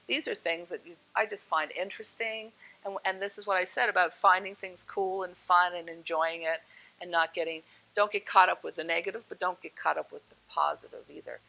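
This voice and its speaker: Woman, storytelling talk, low-pitched, gravelly, bright, animated, frequent laughs. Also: poor audio. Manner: animated, laughs often, many fillers. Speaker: spiritual speaker.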